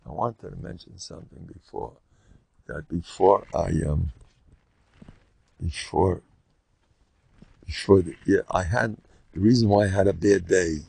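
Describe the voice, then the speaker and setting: Older man, rabbi, Torah lecture, gravelly, husky, lively pitch, storytelling, dry close sound. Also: measured pace, pauses often, dry recording. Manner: animated, acts out quoted speakers, jumps between stories. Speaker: rabbi teaching a Torah class.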